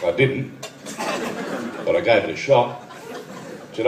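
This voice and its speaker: Here the comic's voice is lowish, expressive and unhurried as the Australian man in his thirties delivers dry one-liners and banter at a benefit night. The clip comes from a far phone recording in a noisy, reverberant room full of laughter.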